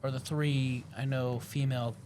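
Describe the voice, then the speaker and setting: A man co-hosting a podcast in casual chat, rambling excitedly with lots of fillers and self-corrections. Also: medium pitch, moderate pace, slight background noise. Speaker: podcast co-host.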